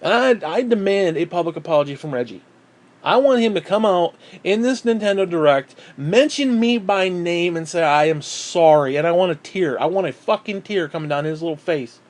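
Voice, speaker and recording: A man's voice: sits high, expressive, fairly quick. A man hosting a gaming channel, delivering an angry, profane and sarcastic ranting review.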